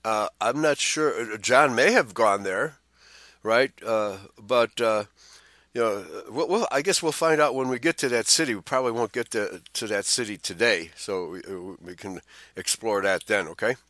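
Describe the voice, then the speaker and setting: Bright-voiced man reading Bible history. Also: fairly low pitch, normal speed, no echo. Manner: reads passages with side remarks and frequent "uh" fillers. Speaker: co-host of a Bible study show. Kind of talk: reading a text aloud with commentary.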